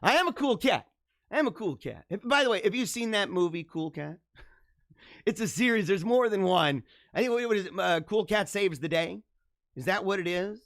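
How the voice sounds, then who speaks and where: A man hosting a casual live stream, reading viewer comments, animated and jokey, laughing often. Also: sits high, moderate pace, no room sound, clean studio sound.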